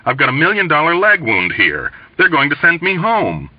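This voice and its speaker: A man voicing a wry, exasperated young airman in a read-aloud novel. He talks tensely and sarcastically, with a lively swing. The sound is dry and slightly dull. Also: on the high side, normal speed, slightly rough, dry recording, recorded from a distance, voice pushed up, full character voice. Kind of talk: audiobook reading. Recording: dull lo-fi recording.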